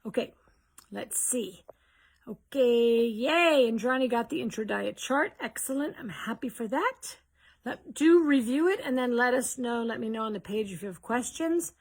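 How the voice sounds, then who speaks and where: Hosting a live Q&A stream, a woman cheers as she greets viewers and talks casually, rambling and restarting as she goes. Her fairly high voice is animated and moves at a moderate pace.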